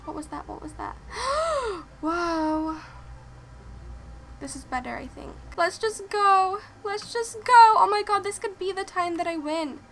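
A young woman commenting on her own gameplay, excitable, laughing and repeating herself as she plays. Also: very high voice, measured pace, background noise. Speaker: gaming channel host.

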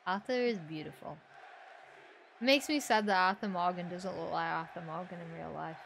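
A woman's voice: fairly low pitch, moderate pace, gravelly, a bit bright, a faint crowd, a little hiss or hum. A woman co-hosting casual commentary on a wrestling game, bantering and cheerfully admitting she gets confused. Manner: bantering, easily confused, laughing. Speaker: co-host.

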